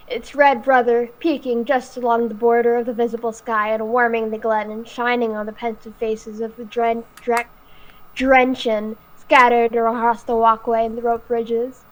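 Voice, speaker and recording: A woman's voice: a little high, flat delivery, fairly bright tone, poor audio. A woman hosting a live read-aloud of a novel, reading carefully with small slips. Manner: careful, slightly halting reading.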